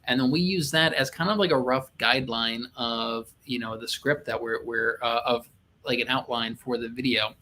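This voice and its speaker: A man co-hosting a casual chat, talking in a relaxed, conversational way with animated asides. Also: mid-range voice, moderate pace, a little hiss or hum. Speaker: co-host, real estate agent and YouTuber.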